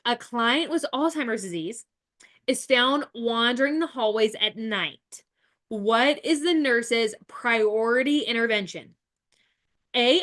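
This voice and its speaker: A woman's voice: on the high side, a bit bright. A young woman, a nurse, teaching a live webinar in a chatty, encouraging way, talking straight to her viewers. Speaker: nurse educator hosting a webinar.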